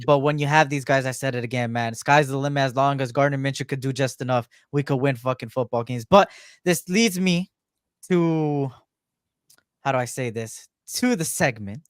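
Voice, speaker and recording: A man's voice: mid-range voice, a bit bright, clear, resonant tone, no room sound, clean studio sound. A man co-hosting a casual sports podcast in a laid-back way, often dropping "man" into his sentences. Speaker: podcast co-host.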